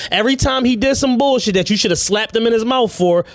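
A man's voice: extremely high pitch, quick pace. A man, co-hosting a podcast and giving blunt, profane opinions in casual chat. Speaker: podcast co-host.

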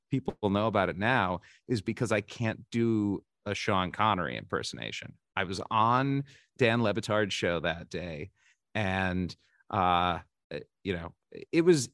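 A man's voice: lowish voice, lively intonation, a little slow, a bit bright, no echo, studio quality. A man in his forties, a podcast guest, telling candid, self-deprecating stories and often restarting his sentences. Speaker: podcast guest, baseball insider. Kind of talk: casual interview storytelling.

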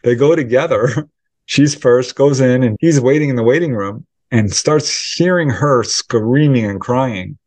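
A man's voice: mid-range voice, a little slow, no room sound. Man telling a story with quoted voices. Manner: animated storyteller acting out quoted dialogue. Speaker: UFO researcher and author, guest. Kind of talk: storytelling interview answers.

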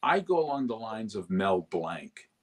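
A man's voice: on the low side, very animated, unhurried, a little hiss or hum. A male voice actor talking animatedly in an interview, slipping into character voices as he goes. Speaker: voice actor, guest. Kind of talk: casual interview talk.

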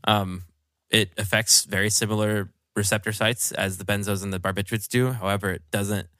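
A man's voice: fairly low pitch, little pitch movement, fairly quick, pushed and bright, no echo, clean studio sound. A young man co-hosting a casual podcast, explaining drug pharmacology with lots of ums and fillers.

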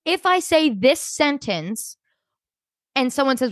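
A woman co-hosting a casual podcast chat, retelling scenes in an animated way and laughing often. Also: high voice, slow pace, no echo. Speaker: podcast co-host.

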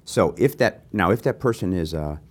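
An older man hosting a conversation, telling animated, self-deprecating anecdotes. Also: sits low, moderate pace. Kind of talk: conversational interview.

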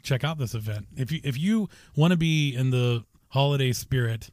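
A man's voice: medium pitch, moderate pace, darkish tone, no echo. A middle-aged man hosting and editing a casual family podcast, chatting with enthusiasm. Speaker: podcast host and editor.

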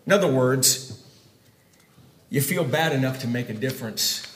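A man preaching a sermon, emphatic, swinging between loud declarations and quiet, confiding asides. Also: medium pitch, moderate pace, echoey room.

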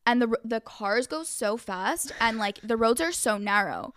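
A young woman co-hosting a podcast, telling a story in a lively, animated way with lots of "like.". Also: a little high, normal speed, no room sound, clean studio sound. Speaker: podcast co-host. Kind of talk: casual chat.

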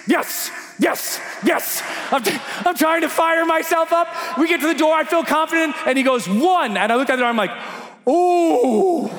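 A man telling a story as a motivational speaker, animated and acting out scenes with shouts and sound effects, presenting to an audience with slides. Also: very high voice. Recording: roomy hall reverb with faint noise.

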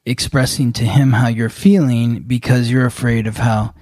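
A man's voice: mid-range voice, fairly even intonation, normal speed, a little mellow, no room sound. A man co-hosting a podcast in casual chat, listening and answering with supportive comments and frequent affirmations. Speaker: podcast co-host.

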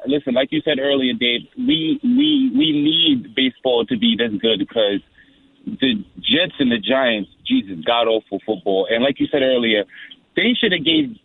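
A man calls in to a radio show, rambling and restarting his sentences. His voice is gravelly and swings widely in pitch. It comes over a tinny, dry phone line. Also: wildly swooping pitch, normal speed. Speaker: caller. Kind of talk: call-in radio chat.

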